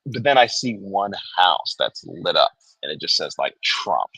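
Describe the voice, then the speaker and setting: A man's voice: fairly low pitch, normal speed, breathy edge, no room sound, highs cut off. A young man with a New Jersey accent telling a story in casual chat, acting out what people said. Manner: animated, acts out quoted people. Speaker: guest comic creator.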